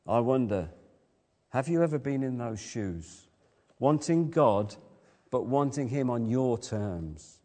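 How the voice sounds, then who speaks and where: A man's voice: medium pitch, darkish tone. Male preacher, mid-range voice, storytelling sermon delivery with questions to the congregation, reverberant hall sound. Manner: storytelling, asks the listeners questions.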